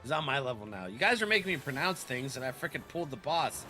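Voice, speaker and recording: Man, game streamer, casual rambling chat, self-mocking, lively pitch, clear game music behind. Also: quick pace. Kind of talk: casual live-stream chat while gaming.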